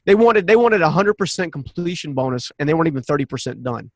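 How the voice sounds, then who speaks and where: A man in his forties, a podcast guest, telling a personal story in an animated, earnest way and often restarting his sentences. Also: on the high side, quick pace, no echo. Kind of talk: personal storytelling in a conversational interview.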